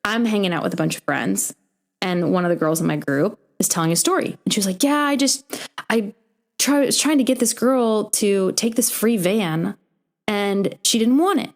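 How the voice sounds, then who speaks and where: A young woman hosts a podcast, spinning a long story in a casual, animated way at a medium pitch and moderate pace. She acts out the voices of the people in her tale.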